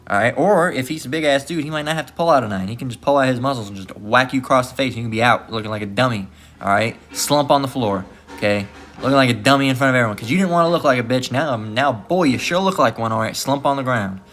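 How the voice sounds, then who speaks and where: This man's voice is medium in pitch with a fairly bright tone. He's teaching from scripture in a casual sermon as a Bible teacher, informal and repetitive, and keeps asking "okay?" and "all right?".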